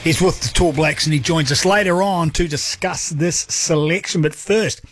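A New Zealand man hosting sports talk radio, chatty and quick to joke. His voice sits a little high and carries a husky edge. He is recorded dry and close on a studio mic, with faint music underneath. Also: no room sound. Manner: chatty, jokey, upbeat. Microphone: studio microphone.

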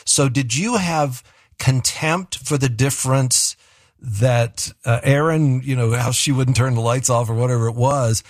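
A man hosting an interview asks his guest a long question, pausing to find his words. His voice is in a middle pitch range. The recording is dry and close. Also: dry recording. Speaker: host.

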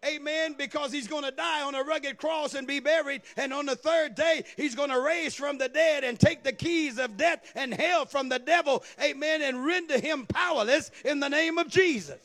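A man preaching a sermon, calling out to the congregation for responses and building to shouts. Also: extremely high pitch, moderate pace, hardly any pauses. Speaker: pastor.

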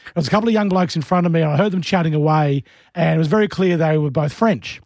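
An Australian man co-hosting a radio show from the studio. He tells stories in a chatty, playful way. His voice sits high, and it sounds close and dry on the mic. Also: fast, darkish tone, dry recording. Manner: chatty storyteller, playful, laughs often. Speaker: radio co-host. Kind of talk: casual radio banter.

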